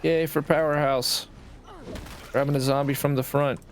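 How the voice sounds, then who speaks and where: A man's voice: a little high, flat delivery, normal speed, a little hiss or hum. A man with a Canadian accent and a nasal-sounding voice, rambling and swearing casually through gameplay commentary as a streamer. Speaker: game streamer.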